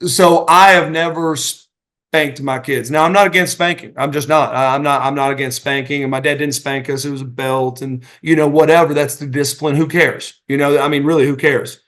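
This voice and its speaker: A middle-aged man, a retired wrestler and podcast guest, telling stories in a casual, animated way, acting out the voices of the people in them. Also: on the high side, moderate pace. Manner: animated anecdotes, acting out quoted voices, many restarts. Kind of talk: casual storytelling.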